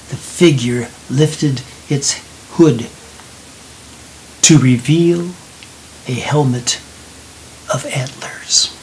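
A man narrates a storybook in a slow, gentle reading voice. He often lowers to a near whisper on quiet moments. A faint steady hiss sits under the recording. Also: poor audio.

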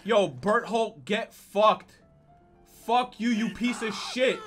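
A young man reacts to an anime episode with excitable, profane commentary, and his voice sits high for a man. He talks at an unhurried pace, with faint music running underneath. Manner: excitable, swearing, emotional outbursts. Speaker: reaction streamer.

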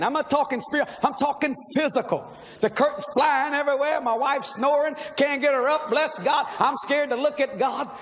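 A middle-aged preacher with a high voice tells a story in an animated way, often laughing and breaking into shouts. His voice carries a long reverb from a big hall. A faint hiss sits underneath. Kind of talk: sermon storytelling.

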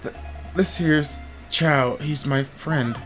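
A man's voice: a little high, slow, faint music behind. A man voicing a timid young merchant in a video game, stuttering over his words. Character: shy stammering young male merchant.

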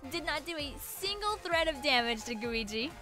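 A woman streaming a video game, chatting casually to viewers in an excitable, giggly way and cooing over cute things. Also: sits high, moderate pace, over music. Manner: excitable, giggly, coos at the cute dog, squeals "no!". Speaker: gaming streamer. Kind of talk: casual let's-play commentary.

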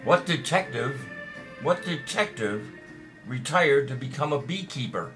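A chatty man hosts a home trivia stream with an easygoing, middle-pitched voice. He rambles between questions with groan-worthy puns and calls out viewers' names. Clear music plays under his talk. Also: moderate pace. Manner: jokey, chatty, reads out viewer names and answers. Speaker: trivia show host. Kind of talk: casual live-stream trivia hosting.

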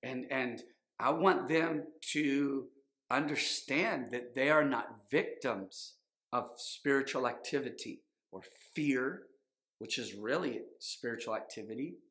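A man's voice: medium pitch, takes it slowly, a bit bright. A man in his thirties preaching a sermon as pastor, emphatic and repetitive, often acting out quotes. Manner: emphatic, repeats phrases, acts out quotes. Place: church sanctuary. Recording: echoey church hall.

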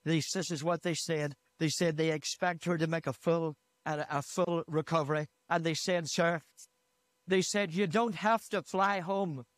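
A man's voice: on the high side, little pitch movement, normal speed, no room sound. A man from Northern Ireland preaching a sermon in a church, retelling a story with repeated "he said" and rising to fervent emphasis. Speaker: pastor. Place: church hall. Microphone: handheld microphone.

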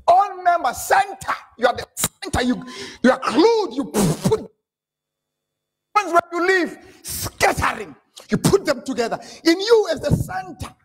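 A man preaching a sermon in a church, switching between English and Xhosa and building up to shouted lines. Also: extremely high pitch, very animated, a little slow. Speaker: pastor.

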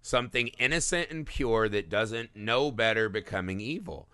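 A man co-hosting a film podcast, talking casually and profanely, slipping into quick character voices. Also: fairly low pitch, animated, sharp tone, clear, resonant tone, no echo. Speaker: podcast co-host.

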